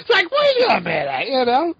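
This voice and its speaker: A middle-aged man co-hosting a casual podcast, talking in animated, exasperated rants. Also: very high-pitched, normal speed, vocal fry, husky, no room sound. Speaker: podcast co-host. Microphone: home podcast microphone. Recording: slightly dull lo-fi audio.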